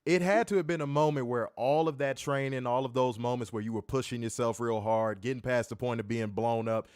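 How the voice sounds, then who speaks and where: A man's voice: mid-range voice, steady tone, fairly quick, a little mellow, clear, resonant tone, dry recording, clean studio sound. A man hosting an interview, hyping his guest up in a playful, repetitive patter. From not from the South, city raised. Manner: playful hype-man patter, repeats himself. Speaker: interview host. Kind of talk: hyped casual interview.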